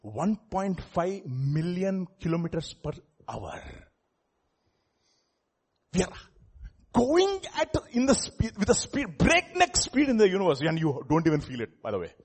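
A male pastor delivers a lively sermon in a high, husky voice. He keeps turning to the congregation with questions and breaks into chuckles between points. On the key lines he swells into loud, emphatic preaching. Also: measured pace. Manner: animated preaching with laughs and sudden loud emphasis.

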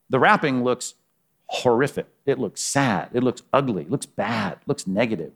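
A man preaching a sermon in a conversational way, asking rhetorical questions and letting his voice fall low for emphasis. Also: sing-song, normal speed. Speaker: pastor.

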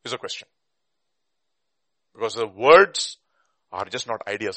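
A man preaching a sermon and teaching a Bible class, emphatic, with rhetorical questions and bursts of loud stress. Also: on the low side, animated, a little slow, no echo.

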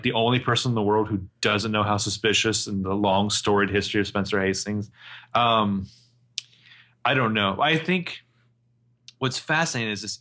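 A man's voice: fairly low pitch, bright, forceful tone. A man co-hosting a podcast, chatting about a TV episode with wry jokes. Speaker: podcast co-host. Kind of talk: TV recap podcast chat.

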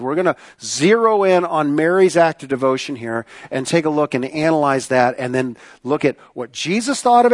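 A man preaching a sermon in a conversational, questioning way, repeating his points for emphasis. His voice sits fairly high for a man. The sound is dry and close, with little room echo. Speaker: pastor.

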